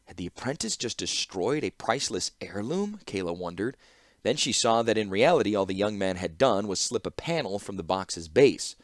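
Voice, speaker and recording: A man narrating a fantasy audiobook with expressive storytelling. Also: on the low side, normal speed, dry recording, studio quality. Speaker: audiobook reader.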